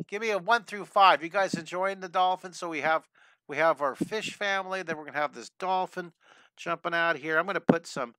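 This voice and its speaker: A middle-aged man leads a drawing lesson with bright, crisp energy. He encourages his young viewers and drifts into cheerful stories. The sound is dry and close to the mic. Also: on the high side, dry recording. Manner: enthusiastic and encouraging, chatty asides. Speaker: drawing teacher. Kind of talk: live drawing lesson with storytelling.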